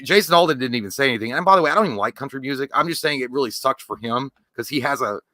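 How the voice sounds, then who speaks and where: A man's voice: medium pitch, lively intonation, rapid-fire, pushed and bright, no room sound. Rowdy, profane Southern-accented man. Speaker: co-host of a live movie show. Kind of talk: crude casual banter.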